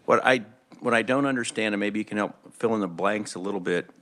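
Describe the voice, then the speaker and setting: A man, a state legislator, asking a witness questions in a committee hearing, halting and searching for his words. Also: on the low side, a bit bright. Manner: halting and searching, with many restarts.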